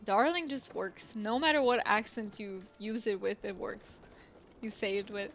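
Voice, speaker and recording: A woman's voice: medium pitch, normal speed, a bit bright, dull audio, a little hiss or hum. A woman streaming a game, chatting casually and musing aloud to her viewers. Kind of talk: casual gameplay commentary.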